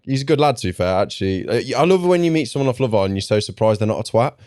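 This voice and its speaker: A man's voice: on the low side, very fast, no echo, studio quality. A young man as a podcast guest in casual chat, telling stories with energy and acting out what people said. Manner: animated storyteller, acts out quotes.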